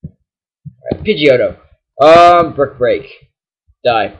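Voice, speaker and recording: A young man giving casual let's-play commentary, excitable and exasperated, yelling at enemies. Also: medium pitch, slow pace, lo-fi sound. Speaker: gaming channel host.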